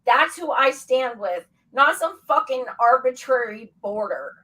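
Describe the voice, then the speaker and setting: A woman's voice: high-pitched, animated, unhurried, pushed and bright, far from the mic, rough recording. A woman co-hosting a casual political chat, blunt and heated, who swears a lot. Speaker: co-host.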